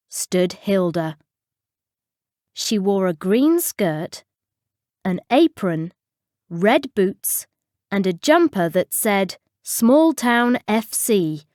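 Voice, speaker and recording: Expressive slow storybook narrator, woman. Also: mid-range voice, no echo, studio quality. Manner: expressive, clear reading. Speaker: storybook reader for English learners.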